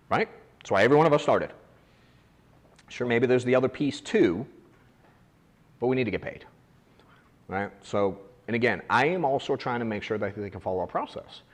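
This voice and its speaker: A man with a medium-pitched voice, heard in a large hall, owns an agency and is training his agents in an office meeting room. He coaches the room in a casual, blunt style, dropping the occasional swear word.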